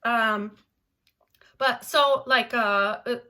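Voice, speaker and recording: Bright, lively woman voice teacher from Southern California. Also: fairly high pitch, drawn-out words. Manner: animated, playful, demonstrates with gibberish singing sounds. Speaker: voice teacher, guest. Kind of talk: podcast interview, explaining.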